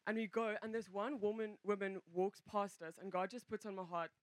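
A woman sharing a personal testimony in a church, talking in loose, self-interrupting runs full of fillers. Her voice sits in an ordinary middle pitch. The sound is dry and close, with almost no room echo. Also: steady tone, a little fast. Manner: rambling, self-interrupting storyteller, many fillers. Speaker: church member giving a testimony.

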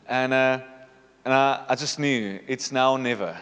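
A man's voice: medium pitch, unhurried, fairly bright tone, clean tone, long reverb tail. A man in his thirties, a pastor giving a confessional personal testimony during a sermon, often checking in with "okay?". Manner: confessional, repeats "okay?" to the congregation. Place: church hall.

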